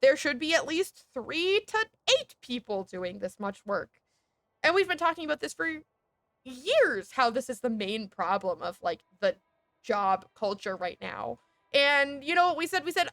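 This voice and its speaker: High, bright-voiced woman ranting on stream. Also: measured pace, no room sound. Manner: animated, heated and sweary, with laughing asides. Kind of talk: casual ranting chat while gaming.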